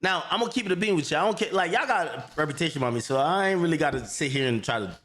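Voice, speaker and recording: A man hosting a livestream, telling a heated story in an animated, profane, repetitive way. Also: a little high, rapid-fire. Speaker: livestream host.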